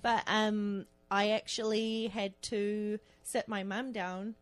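A woman's voice: medium pitch, level tone, slow pace. Woman on a podcast, chatty storyteller, says like a lot, laughs easy. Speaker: podcast co-host. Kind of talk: casual chat.

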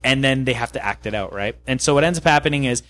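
A man's voice: medium pitch, fast talker, fairly bright tone. A man in casual podcast chat, telling a rambling, profane story and acting out the voices in it. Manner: rambling, profane, acts out voices in his stories. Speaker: podcast co-host.

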